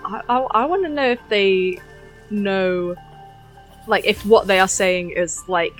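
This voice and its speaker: A woman at a tabletop game with a mid-range voice, speaking cautiously and haltingly as she questions a character. Soft music sits behind her. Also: medium pitch, poor audio. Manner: hesitant, cautious, with filler restarts. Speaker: player. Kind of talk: tabletop role-play.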